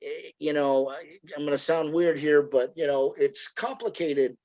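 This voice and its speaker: Middle-aged american guy on a video call, rambly folksy woodworker talk, voice sits a bit high for a man. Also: steady tone, unhurried, darkish tone, rough recording. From United States. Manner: rambling, folksy storyteller with frequent restarts. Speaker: woodworker guest. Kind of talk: casual video-call conversation.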